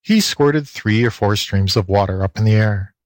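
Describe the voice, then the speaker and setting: A man reading a children's storybook aloud, expressive and lilting, into a close mic. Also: fairly low pitch, normal speed, no room sound. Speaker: audiobook reader. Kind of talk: storybook narration.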